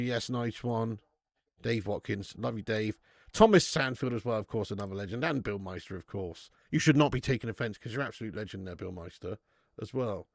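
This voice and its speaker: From a streaming setup in his home garage, a man hosts a live football watch-along for his fan channel, chatting casually, swearing, and reading out viewer messages. His voice is medium-pitched with no room sound.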